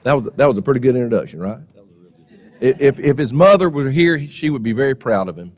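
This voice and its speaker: A man's voice: mid-range voice, lively intonation, fast talker, a little mellow. Genial man hosting a ceremony. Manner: genial, joking. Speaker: ceremony host introducing the speaker. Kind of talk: ceremony introduction. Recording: long hall reverb.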